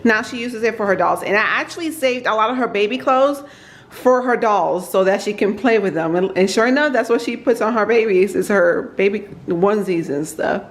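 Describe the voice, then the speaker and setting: A woman's voice: medium pitch, fairly quick, low-quality recording. A woman chatting casually to viewers in her home kitchen, speaking into a handheld camera. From Georgia, US. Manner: chatty, warm asides to viewers. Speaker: lifestyle vlogger and mother. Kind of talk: casual vlog chat.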